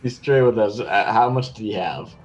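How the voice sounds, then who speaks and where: A player at a tabletop game, this man speaks in a lowish voice with easy humor. He jokes and laughs along with the table. Faint music runs in the background. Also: moderate pace. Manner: laughing, joking banter. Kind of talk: casual chat at the gaming table.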